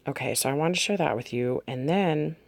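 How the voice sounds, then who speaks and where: This is casual spoken testimony: a vlog host goes through notebook entries about dreams and visions, rambling and correcting themselves while addressing viewers head-on. Their mid-range voice is gravelly and a little fast, with no room sound.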